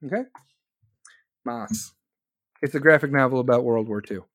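Medium in pitch and a bit bright, this forty-something podcast host talks at a moderate pace. Reading his chat on a live show, he rants with blunt anger and constant swearing, and the sound is dry and studio quality.

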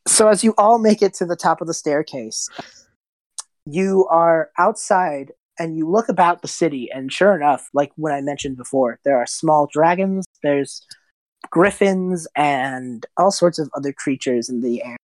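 A woman game master narrating a tabletop game in a casual, descriptive way. Her voice is low for a woman, and the sound is dry and close. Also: darkish tone, no echo.

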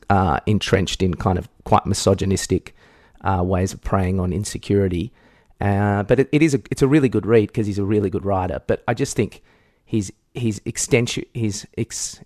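Male podcast co-host, lowish voice, stop-start delivery, dry close recording. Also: a little mellow, no room sound. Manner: halting, many restarts and fillers, chuckles. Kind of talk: casual chat.

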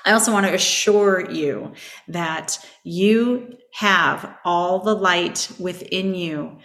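A woman hosting a self-help podcast, speaking in a gentle, reflective and soothing way. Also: fairly low pitch, slow, reverberant. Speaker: podcast host and coach. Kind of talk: personal self-help talk.

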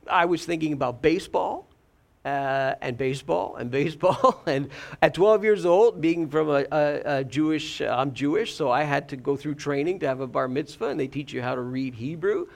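A man preaching a sermon, telling a story in an animated way, repeating words and joking about himself. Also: on the high side, gravelly.

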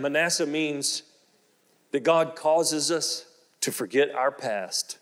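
A middle-aged man preaching a sermon, who moves from slow, low storytelling to loud, excited exclamations and repeats his phrases for emphasis. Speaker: pastor.

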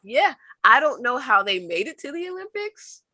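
A woman's voice: sits high, big pitch swings, normal speed, bright, forceful tone, no room sound. A young woman co-hosting a sports podcast, chatting casually and rambling with playful laughs. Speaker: podcast co-host.

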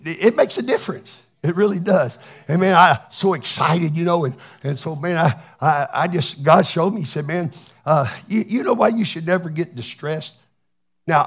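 Older male pastor, husky high voice, fervent sermon with shouted peaks. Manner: fervent, shouting in bursts, chatty asides. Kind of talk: Pentecostal sermon.

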